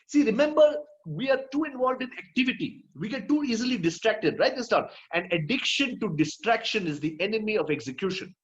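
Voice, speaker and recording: A man's voice: very high-pitched, muffled recording. A man giving a motivational talk at an online event. He is emphatic, repeats his key phrases and keeps checking in with "hmm?". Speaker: motivational speaker.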